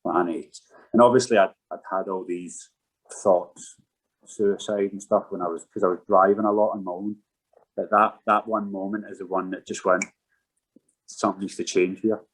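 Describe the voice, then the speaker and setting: A man's voice: low voice, steady tone, normal speed, poor audio. A man in his thirties, a podcast guest and former footballer, telling his story candidly and frankly, swearing freely.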